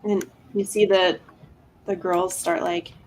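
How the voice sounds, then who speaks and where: A woman narrating as game master of a tabletop game, halting and full of fillers. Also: lowish voice, level tone, a little hiss or hum.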